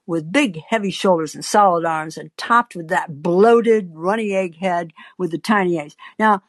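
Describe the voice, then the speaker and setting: An older woman, an advice columnist hosting her show, telling a wry, animated story to her listeners with many asides. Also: on the low side, measured pace, no room sound. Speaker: advice columnist and podcast host.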